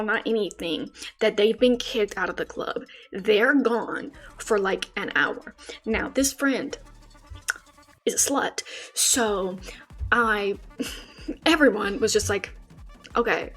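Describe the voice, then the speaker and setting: A young woman streamer telling a casual story, animated and swearing freely. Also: medium pitch.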